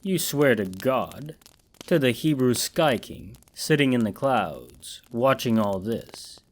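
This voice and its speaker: A sinister villain in a suit speaks in a low, dark-edged English accent, as a male narrator puts him on. He drawls slowly and mockingly, savoring every threat. His delivery is measured, cold and menacing. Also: animated.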